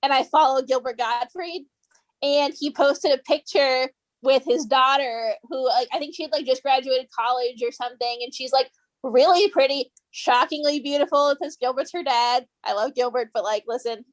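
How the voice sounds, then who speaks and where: A woman co-hosting a podcast, joking bluntly in casual chat and laughing loudly. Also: high voice, normal speed, no room sound, low-quality recording.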